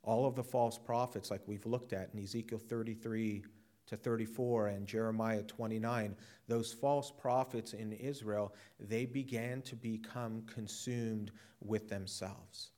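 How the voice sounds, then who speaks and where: A man's voice: on the low side, steady tone, unhurried, dark tone. A man preaching a sermon in an earnest, sober way, often repeating words as he presses a point. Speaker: pastor.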